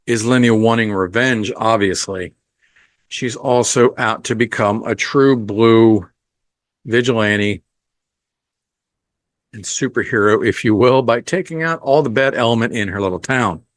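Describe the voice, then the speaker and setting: A man's voice: medium pitch, no room sound. A man hosting a podcast, giving a casual, rambling film review full of ums and blunt profanity. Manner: unhurried, rambling with frequent ums.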